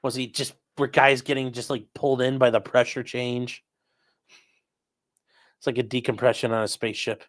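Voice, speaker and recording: A man's voice: medium pitch, level tone, moderate pace, long pauses, a bit bright. A man hosting a casual livestream, reading viewer messages aloud and making blunt, sarcastic, profane asides. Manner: sarcastic and blunt, swears freely. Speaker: livestream host reading chat. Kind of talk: casual live commentary.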